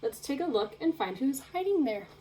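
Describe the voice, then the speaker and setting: A young woman teacher reading a picture book aloud to children, in an expressive, playful storytelling way. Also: high voice, normal speed, slight background noise, low-quality recording.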